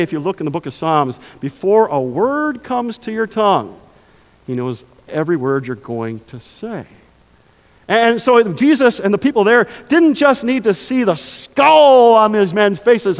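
Male pastor, high voice, animated sermon delivery, hall reverb. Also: moderate pace. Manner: animated, conversational, rhetorical questions.

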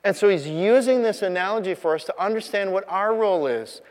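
High-voiced pastor preaching in a reverberant hall. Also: male voice, expressive, fairly quick. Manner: conversational, emphatic, with rhetorical questions. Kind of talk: sermon.

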